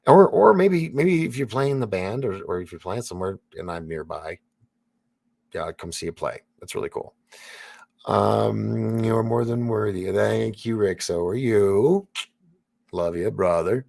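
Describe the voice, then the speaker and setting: Brief: male livestream host, low gravelly voice, chatty and rambling, dry close sound. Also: animated, a little slow, a little mellow, dry recording. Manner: rambling, laughing, many fillers and restarts. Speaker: livestream host reading chat. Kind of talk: casual livestream chat.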